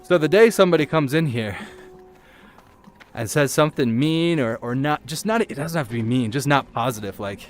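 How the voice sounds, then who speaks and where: A man's voice: mid-range voice, lively intonation, normal speed, faint music behind. A man livestreaming a game in VR, talking casually and rambling in a self-deprecating way. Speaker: streamer. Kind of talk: casual gaming livestream chat. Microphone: VR headset mic.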